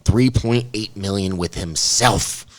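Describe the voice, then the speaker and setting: A young man with a lowish voice co-hosts a casual podcast and reads odd news items aloud. He jokes crudely and bursts into loud, animated laughter. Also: takes it slowly. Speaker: podcast co-host.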